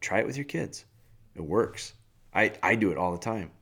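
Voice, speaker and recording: A man hosting a dog-training podcast, delivering a blunt, animated rant in a casual way. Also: lowish voice, husky. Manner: blunt, animated, firm and fast-talking. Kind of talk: casual ranting monologue.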